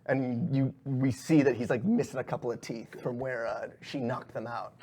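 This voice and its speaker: Husky-voiced male game master narrating. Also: medium pitch, moderate pace, a little mellow. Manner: loose, filler-heavy storytelling.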